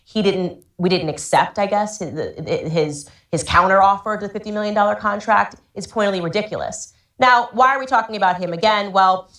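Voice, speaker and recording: A woman's voice: mid-range voice, brisk, hardly any pauses, a bit bright. A woman political commentator addressing her audience in a firm, pointed, indignant tone. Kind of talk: scripted online commentary. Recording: roomy echo.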